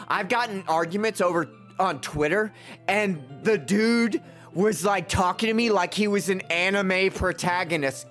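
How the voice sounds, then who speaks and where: A man's voice: high-pitched, fairly bright tone. A male streamer doing live gameplay commentary in exasperated, profane, mocking rants, rambling through stories with restarts.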